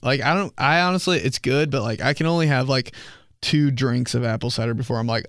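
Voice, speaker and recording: A man's voice: medium pitch, fairly quick, fairly bright tone, no echo, clean studio sound. A young man hosting a comedy podcast, telling stories casually, swearing and laughing at his own jokes. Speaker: podcast host.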